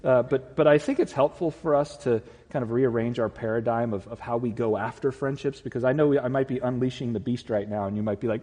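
Pastor, male, mellow and slightly husky, conversational sermon with humor, church hall reverb. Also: mid-range voice, fast, few pauses. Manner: earnest, conversational preaching with humor. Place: church sanctuary.

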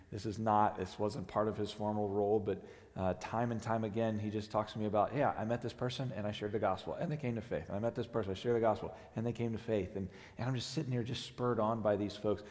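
A hoarse man in his forties, the lead pastor, preaching a sermon in a halting, earnest way with many restarts. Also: lowish voice, a little mellow. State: hoarse, strained voice. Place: church sanctuary. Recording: long hall reverb.

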